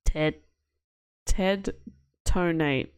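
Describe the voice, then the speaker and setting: A woman voicing a terse masked male bomb expert who talks through typed synthesized speech, in clipped, flat phrases, with game music behind. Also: deep voice, extremely slow, clean tone. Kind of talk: reading game dialogue aloud on stream.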